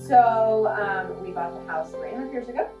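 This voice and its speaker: A woman's voice: mid-range voice, lively intonation, moderate pace. A woman homeowner telling her house's stories in a casual, chatty way, acting out the people she quotes. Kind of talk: casual storytelling interview. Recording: echoey room heard from a distance, music behind.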